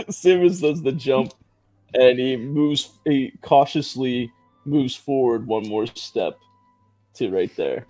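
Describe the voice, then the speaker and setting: A man playing a tabletop game, chatty and thinking out loud, laughing often. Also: mid-range voice, takes it slowly, dry recording, soft background music, poor audio. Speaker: player. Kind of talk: casual tabletop play.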